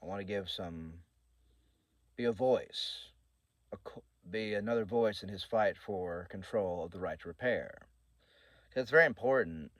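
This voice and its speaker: An earnest man with a fairly low voice gives a casual channel update. He rambles a little and restarts his sentences. The sound is dry and close, with little room echo. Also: moderate pace, long pauses. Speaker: channel host and author.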